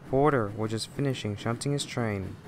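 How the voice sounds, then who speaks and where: A man narrating a fan-made train story in a plain, unhurried way. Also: fairly low pitch, a little mellow, slight background noise.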